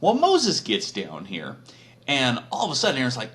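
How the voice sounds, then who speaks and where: A man's voice: mid-range voice, huge pitch swings, normal speed, fairly bright tone. A man telling a crude, profane comedic story in a rambling, casual way.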